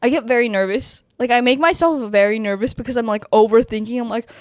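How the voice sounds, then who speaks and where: A young woman with a high voice chats casually on her podcast. She tells the story in an animated, giggly way. The sound is close and dry. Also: quick pace, no echo. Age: young adult. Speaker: podcast co-host. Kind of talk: casual chat.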